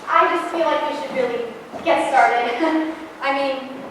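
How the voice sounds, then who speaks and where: A woman's voice: high-pitched, unhurried, fairly bright tone, a little hiss or hum. A girl playing a flustered, nervous juror. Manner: hesitant and flustered. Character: nervous, chatty young female juror. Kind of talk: high school stage play. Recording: distant stage in echoey auditorium.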